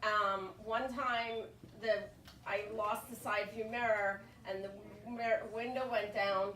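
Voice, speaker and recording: An older woman telling a comic story, animated and frantic when she quotes herself. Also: mid-range voice, slow pace, reverberant, recorded from a distance.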